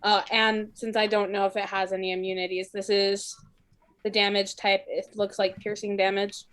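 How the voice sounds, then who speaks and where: A woman's voice: medium pitch, level tone, moderate pace, a bit bright, clear, resonant tone. A woman playing in a tabletop game, casual and candid as she explains her rolls. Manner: apologetic, candid about rolls. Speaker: player.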